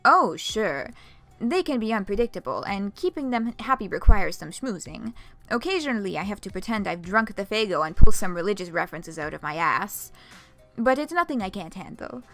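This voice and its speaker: A woman's voice: mid-range voice, lively intonation, fast, hardly any pauses, a bit bright, faint music behind, natural voice. A woman voicing a cynical, brash female troll artist in a game, with a faint put-on French accent and a blunt, crude manner. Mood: smug.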